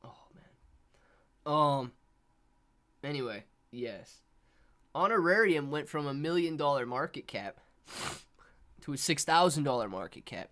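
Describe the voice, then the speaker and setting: Man streaming live with allergies, lively pitch swings, rambling and casual. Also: measured pace, pauses often. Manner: rambling, animated, talks to viewers. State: coughing and sneezy from allergies. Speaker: livestream host. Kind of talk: casual livestream commentary.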